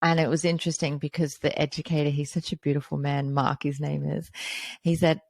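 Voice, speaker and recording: A woman's voice: sits low, flat delivery, brisk, vocal fry, a little mellow, dry recording. A woman hosting a podcast interview, telling personal stories in a chatty way full of "you know" fillers. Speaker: podcast host. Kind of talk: conversational interview.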